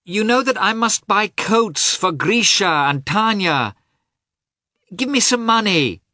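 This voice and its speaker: A man reading aloud, voicing a warm young mother who coaxes and pleads insistently. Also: high-pitched, expressive, slow, dry recording, studio quality, voice pushed up, full character voice. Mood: calling. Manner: coaxing, insistent.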